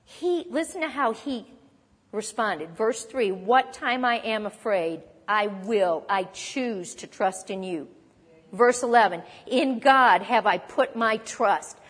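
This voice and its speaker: A woman teaching a sermon on a psalm, expressive and lively, acting out quoted lines. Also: fairly high pitch, takes it slowly, slightly rough, long reverb tail. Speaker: Bible teacher.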